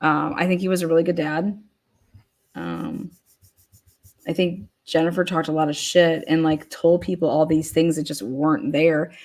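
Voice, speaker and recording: A woman's voice: low-pitched, lively intonation, normal speed, a little mellow. A woman giving blunt, profane casual commentary, often acting out what others might say. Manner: blunt, profane, acts out people in quoted rants.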